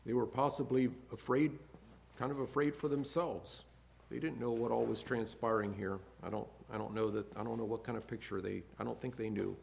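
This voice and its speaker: A man preaching a sermon, moving between quiet reflection and loud impassioned emphasis, reading scripture aloud. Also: mid-range voice, steady tone, fairly quick, gravelly, slight background noise. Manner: reads scripture aloud in King James wording.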